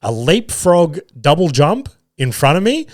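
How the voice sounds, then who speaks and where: A man's voice: fairly high pitch, big pitch swings, measured pace, no echo, studio quality. An Australian man in his thirties hosting a podcast, telling a rambling story in a casual monologue, swearing freely and poking fun at himself. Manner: rambling, swears freely, self-deprecating humour. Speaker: podcast host.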